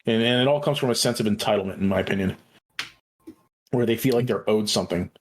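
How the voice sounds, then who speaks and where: Earnest, halting podcast co-host. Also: male voice, lowish voice, slight background noise. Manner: earnest, hesitant, many restarts. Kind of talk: casual chat.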